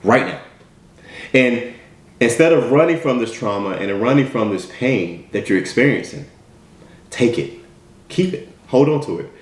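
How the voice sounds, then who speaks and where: A man's voice: mid-range voice, lively intonation, moderate pace. Emphatic male motivational speaker. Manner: emphatic, repeats rhetorical questions. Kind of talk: motivational talk. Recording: echoey room.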